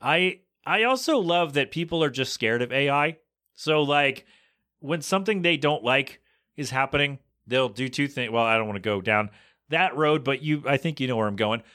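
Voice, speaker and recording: A podcast host in his thirties chatting casually, reading listener answers and mocking them in an exasperated, animated way. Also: medium pitch, moderate pace. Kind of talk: casual chat.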